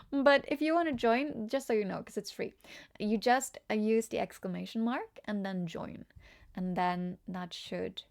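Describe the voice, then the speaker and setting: A woman's voice: medium pitch, a little slow, creaky, darkish tone. A chatty woman from Norway with a Norwegian accent, giving a casual live-stream tarot reading and often laughing while she answers chat comments. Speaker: tarot reader.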